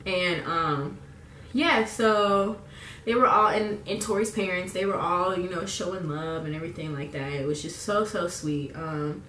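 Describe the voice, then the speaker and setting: A woman's voice: on the low side, measured pace, bright, forceful tone, roomy sound, distant mic, slight background noise. A young woman chatting in a rambling, casual way full of fillers while getting ready on camera. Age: young adult. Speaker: beauty vlogger. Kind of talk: casual get-ready-with-me chat.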